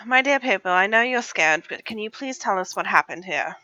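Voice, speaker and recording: A woman voicing an adventurer who gently coaxes a frightened witness to talk. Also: mid-range voice, animated, normal speed, no room sound, lo-fi sound. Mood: coaxing. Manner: gentle, coaxing. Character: adventurer coaxing a scared witness.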